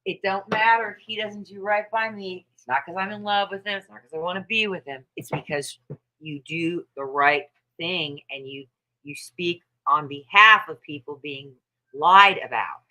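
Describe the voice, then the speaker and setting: A woman's voice: lowish voice, moderate pace, bright, forceful tone, rough recording. A woman hosting a casual livestream, ranting in a mocking, profane way and laughing often. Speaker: livestream host.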